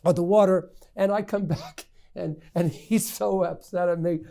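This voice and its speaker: Middle-aged male politician guest, lively storyteller, frequent restarts and stammers, conversational. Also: high voice, normal speed, creaky. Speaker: state senator, podcast guest. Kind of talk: candid interview storytelling.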